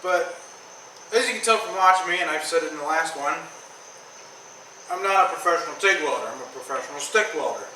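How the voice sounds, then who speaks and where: Man, welding vlogger, plain-spoken, slightly high voice, off-mic in an echoey shop. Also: fairly quick, long pauses, recorded from a distance, a little hiss or hum. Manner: plain-spoken, swears when frustrated. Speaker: welder vlogger. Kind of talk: casual shop vlog. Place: metal workshop. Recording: roomy, off-mic, loud music behind.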